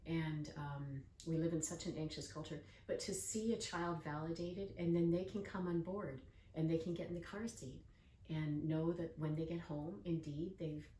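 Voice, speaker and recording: Earnest and storytelling, an older woman host slips into quoted voices during a relaxed interview conversation. She speaks at normal speed in a low, steady, dark voice, captured at a distance in an echoey room with faint noise.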